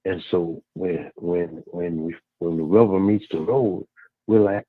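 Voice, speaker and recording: A man calling in to a radio talk show, speaking earnestly and haltingly, with many restarts. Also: deep voice, fairly even intonation, no room sound. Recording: tinny phone line.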